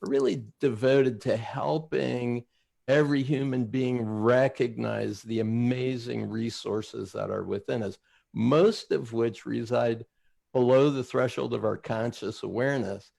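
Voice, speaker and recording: A man's voice: mid-range voice, fairly even intonation, a little slow, creaky, darkish tone. A middle-aged man, a talk show guest, speaking earnestly about a mission. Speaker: guest, education company founder.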